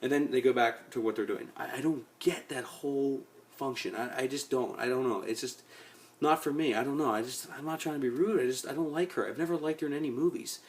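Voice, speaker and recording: A man's voice: mid-range voice, a little fast. A man ranting casually to his webcam about actors he dislikes, blunt and rambling, often repeating himself. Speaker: vlogger. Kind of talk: casual opinion rant.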